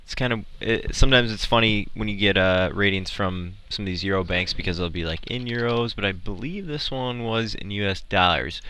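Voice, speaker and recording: A man with a fairly low, bright, forceful voice reads out analyst rating changes. He is brisk and matter-of-fact in a casual market chat. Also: clean tone. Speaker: show member reading analyst ratings.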